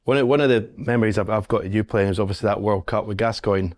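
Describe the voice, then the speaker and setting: Low-voiced male host, dry sound. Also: quick pace, no room sound. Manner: asks questions, many restarts and repeated words. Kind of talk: casual chat.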